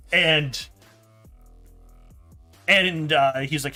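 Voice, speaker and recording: A man narrating a story in a board game on a stream, laughing and animated. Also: on the high side, a little slow, soft background music.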